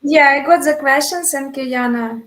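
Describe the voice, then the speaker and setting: A woman from Ukraine, a volunteer guest speaking halting English on a video call as she searches for words. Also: high voice, a bit bright, echoey room, low-quality recording. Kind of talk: casual video-call chat.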